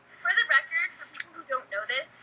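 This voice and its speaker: A young woman chatting on a fan podcast over a video call, animated but hesitant, swearing casually. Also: high-pitched, fast, poor audio. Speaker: podcast co-host. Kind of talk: casual chat. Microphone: computer mic on a video call.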